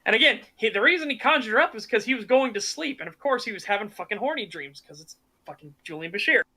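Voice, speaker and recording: A woman co-hosting a podcast, recapping TV episodes in animated casual chat, swearing freely. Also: a little high, quick pace, rough recording. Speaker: podcast co-host.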